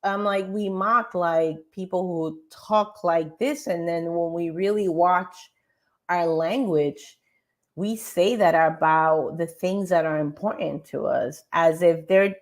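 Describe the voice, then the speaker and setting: A tired-sounding woman hosts a morning show, giving an emphatic, animated motivational talk over slides while addressing her audience directly. Her voice is on the low side and her pace is slow.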